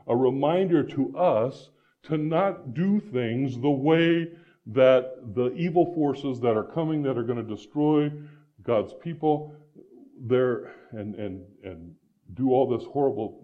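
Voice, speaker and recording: A man's voice: medium pitch, unhurried, narrow, tinny audio. A man from Iowa preaching a conversational sermon as pastor, with frequent restarts and "right?" asides. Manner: conversational, many restarts and tag questions.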